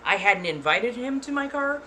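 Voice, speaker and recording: A woman hosting her channel, telling a story in casual chat, animated and swearing freely. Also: fairly high pitch, moderate pace, a little hiss or hum. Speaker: ASMR channel host.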